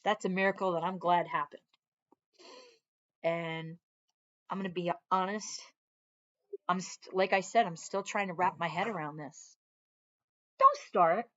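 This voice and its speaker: A woman's voice: lowish voice, fairly even intonation, normal speed, long pauses, muffled recording. A woman Air Force veteran talking earnestly in a casual vlog, her arm in a sling, chatting on and breaking off to scold her dog. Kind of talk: casual heartfelt vlog talk.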